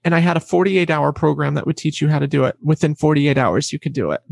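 A woman guest in a casual interview, telling quick anecdotes with a trained, deliberately raised voice and acting out what others said. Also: sits low, creaky, a little mellow. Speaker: interview guest, former announcer and vocal coach.

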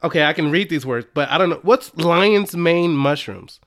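A young man co-hosts a podcast, his slightly high voice expressive and moderately paced. The chat is casual, and he laughs a lot, pokes fun at himself and spells out words.

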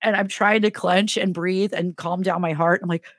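Middle-aged woman with a slightly low voice who tells stories casually and acts out the voices; dry, close recording. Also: fairly even intonation, moderate pace, no room sound. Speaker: podcast co-host. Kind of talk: casual comedic storytelling.

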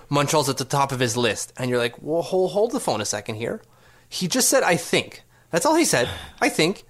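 A man's voice: mid-range voice, a bit bright. A man hosting a sports podcast, ranting sarcastically with rhetorical questions. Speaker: podcast host. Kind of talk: casual sports podcast rant.

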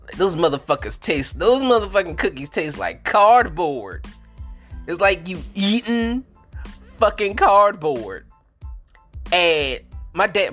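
A man's voice: fairly high pitch, fairly bright tone. Rambling, profane man reminiscing. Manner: rambling, heavy on "like" fillers, profane, laughing. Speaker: host of a movie review show. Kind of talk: casual nostalgic vlog chat.

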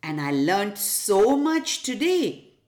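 A woman's voice: medium pitch, big pitch swings, slow pace, a little mellow, reverberant. A woman voicing a curious, eager young girl visiting a family at Christmas in a storybook. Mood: earnest.

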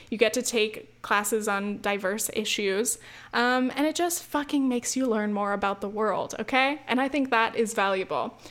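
Talking to her listeners in a highish, fairly bright tone, this young adult student from the US vents in a casual rant to camera. Her speech is chatty, packed with fillers, restarts and swearing.

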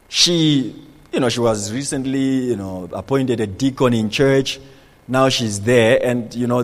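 A man preaching a sermon as pastor, animated, firing rhetorical questions at the congregation. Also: mid-range voice, in a large hall.

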